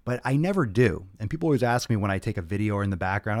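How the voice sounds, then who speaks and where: A man's voice: on the low side, lively intonation, very fast, a little mellow, dry recording. A man hosting a fitness podcast, ranting casually and with exasperation, swearing often and acting out the exchanges he quotes.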